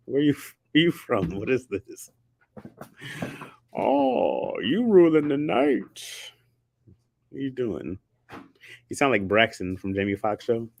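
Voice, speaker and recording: A man chatting casually on a livestream, slangy and rambling, laughing often. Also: fairly low pitch. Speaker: streamer.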